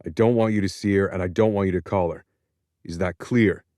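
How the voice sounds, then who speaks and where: A man doing a bitter, furious young son in an audiobook, deep-voiced and clipped, with sharp confrontational lines. the sound is close and dry. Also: fairly even intonation, a little fast, no echo, close to an everyday voice. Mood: angry. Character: angry young adult son, bitter and cutting. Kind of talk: audiobook character voice.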